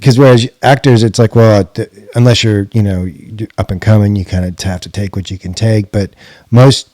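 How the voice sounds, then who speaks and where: A man's voice: lowish voice, fairly even intonation, normal speed, mellow, dry recording. A man co-hosting a podcast, casually explaining his thoughts at length. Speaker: co-host. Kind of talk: casual chat.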